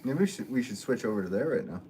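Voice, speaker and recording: A man's voice: mid-range voice, animated, fast talker, warm tone, slight background noise. A man hosting a casual live stream as a potter, chatting and joking as he answers viewer comments with a laugh.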